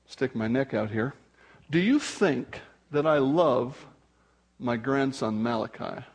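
An older man, a grandfather, preaching a sermon as pastor, animated and acting out the voices of people in his stories. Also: mid-range voice, slow, slightly rough.

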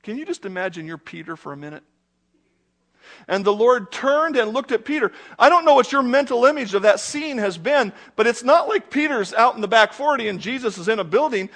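A middle-aged man preaching a sermon in an animated, conversational way, full of rhetorical questions to his congregation. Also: very high voice, fairly quick. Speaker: pastor.

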